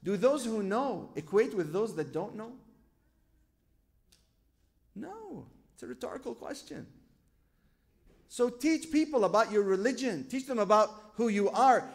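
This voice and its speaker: A man's voice: high voice, expressive, a little slow, creaky, long pauses. A man giving a sermon as a sheikh. He tells stories from his own life, asks rhetorical questions and quotes scripture. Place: lecture hall at a religious gathering.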